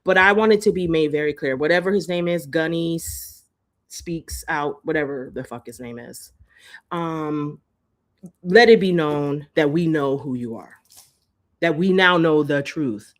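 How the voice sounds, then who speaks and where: A woman's voice: sits low, measured pace. A woman hosting a live-stream commentary, heated and profane, hammering her points with repeated rhetorical jabs into a phone. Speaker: host.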